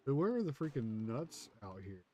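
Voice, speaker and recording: Mellow-voiced, swearing male gaming streamer. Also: mid-range voice, sing-song, moderate pace, a little hiss or hum. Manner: rambling, profane, swears freely. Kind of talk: casual chat while playing a game. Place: at a home computer. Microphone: headset.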